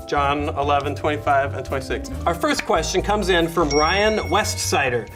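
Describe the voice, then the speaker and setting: A man co-hosting a comedy web show, telling absurd stories in a deadpan, mock-reverent way. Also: a little high, normal speed, hardly any pauses, over music. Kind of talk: comedic chat, mock-solemn storytelling.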